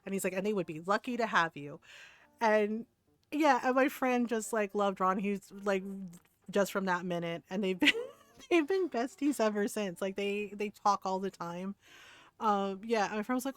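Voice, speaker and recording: A woman's voice: mid-range voice, expressive, normal speed, fairly bright tone, no room sound. A middle-aged woman streaming a game, chatting casually, telling stories, quoting people and laughing often. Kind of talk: casual chat while gaming.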